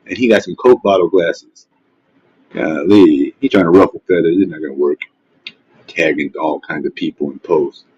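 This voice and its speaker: A man with a deep, husky voice rants on a casual livestream, cursing and mocking as he rambles. The sound is dull and lo-fi, recorded dry and close. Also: mellow, no echo. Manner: profane, mocking, trash-talking. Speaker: livestream host. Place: at home, face not shown. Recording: dull, dry lo-fi stream audio.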